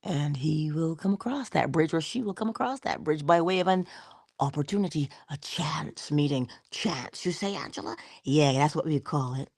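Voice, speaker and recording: A woman giving a spiritual motivational talk in a soft-spoken way, often dropping into whispers, with playful, affectionate asides. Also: low voice, lively intonation, normal speed, creaky, no room sound, studio quality. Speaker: inspirational speaker.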